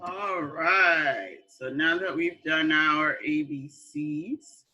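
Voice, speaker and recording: A woman teaching young children a phonics lesson, slow and patient, repeating words and praising them. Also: sits low, bright, forceful tone, lo-fi sound, soft background music. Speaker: kindergarten teacher.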